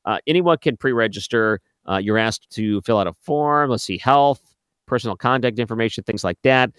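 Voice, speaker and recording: A man's voice: medium pitch, moderate pace, fairly bright tone, smooth, no echo, studio quality. A man hosting a late-night call-in radio show, talking casually with joking asides. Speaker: radio talk show host. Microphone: studio microphone.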